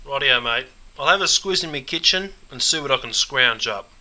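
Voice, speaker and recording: A man's voice: mid-range voice, animated, moderate pace, bright, forceful tone, low-quality recording. A man playing a laid-back Australian bloke watching cricket, with a broad slangy drawl and an Australian accent. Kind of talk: scripted comedy sketch.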